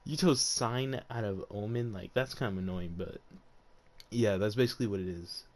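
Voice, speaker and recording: Young guy rambling thru a made-up story off the top of his head, laughing a lot, lowish voice. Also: moderate pace. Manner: rambling, laughs often, many fillers. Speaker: YouTuber. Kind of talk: unscripted fan storytelling.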